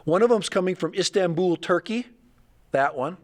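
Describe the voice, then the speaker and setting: A man's voice: high-pitched, moderate pace. A middle-aged man hosting a casual livestream, rambling and thinking aloud with chuckles. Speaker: livestream host.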